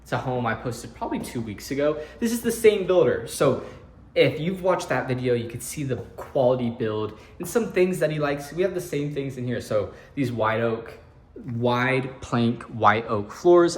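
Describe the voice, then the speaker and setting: A man's voice: medium pitch, expressive, a little slow. A man working as a real estate agent, walking through an empty house and narrating the tour in a chatty, upbeat way with jokey asides.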